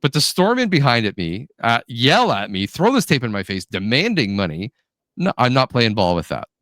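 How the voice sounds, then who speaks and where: A man co-hosts a podcast and tells a story in easy, casual chat, slipping into the voices of the people he describes. His voice sits at an average pitch. The sound is dry and close. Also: moderate pace, no room sound. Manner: animated storyteller, acts out quotes. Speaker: podcast co-host.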